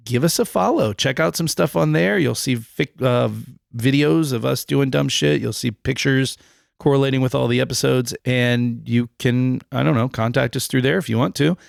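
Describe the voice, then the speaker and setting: Gravelly-voiced man rambling through a podcast outro. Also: mid-range voice, normal speed, no echo, studio quality. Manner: rambling, loose and joking. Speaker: podcast co-host.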